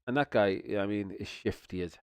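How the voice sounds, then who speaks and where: Male streamer, low voice, dry close sound; rambling, swears freely, trips over words mid-rant. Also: fast, darkish tone, smooth, no room sound. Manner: rambling, swears, stumbles and restarts, repeats "you know what I mean". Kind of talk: casual ranting commentary.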